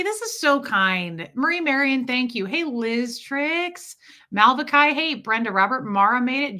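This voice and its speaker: A woman's voice: a little high, pushed and bright. A woman hosting a casual livestream, greeting viewers by name in a chatty, self-deprecating way while nursing a headache. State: has a headache. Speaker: livestream host.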